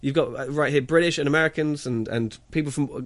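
Halting man reviewing a film on radio. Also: a little high. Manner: halting, stumbles and searches for words. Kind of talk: casual radio chat. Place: radio studio.

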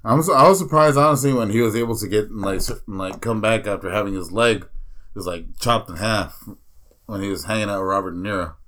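A man's voice: lowish voice, a bit bright. Teasing, foul-mouthed male podcast co-host. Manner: profane, teasing, quick comebacks. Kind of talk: crude casual banter.

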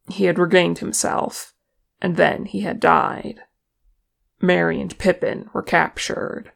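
A reader narrating a fan fiction story in a steady, measured way. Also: mid-range voice, gravelly. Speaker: audiobook reader.

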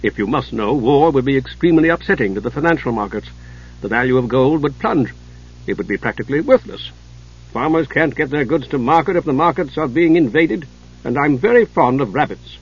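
A man voicing a scheming male god of trade, persuasive and mock-innocent, with a husky voice. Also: mid-range voice, expressive, brisk, highs cut off.

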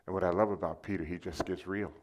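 A man preaching a sermon, telling lively stories and acting them out with sound effects. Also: low voice, fast talker. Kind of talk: sermon with storytelling.

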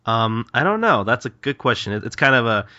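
A man's voice: medium pitch, big pitch swings, fairly quick, pushed and bright, dull audio. A male podcast co-host in casual chat, retelling a manga chapter in a chatty, stumbling way with frequent laughter.

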